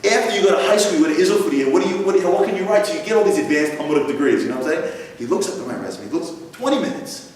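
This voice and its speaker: A man's voice: fairly high pitch, racing, slight background noise. Man telling a funny story in an echoey hall. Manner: animated comic timing, chatty asides. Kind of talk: humorous personal story told live. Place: large synagogue hall. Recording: echoey hall from far off, faint ambience.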